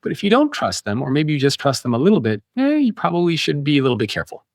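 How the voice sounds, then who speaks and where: A man, an author being interviewed on a podcast, explaining ideas in an animated way and acting out quoted voices. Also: fairly high pitch, quick pace, no room sound, studio quality.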